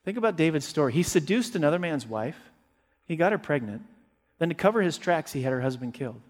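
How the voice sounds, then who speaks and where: A male pastor preaching a sermon, emphatic, swinging between forceful peaks and quiet low passages. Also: big pitch swings, quick pace, big-room sound.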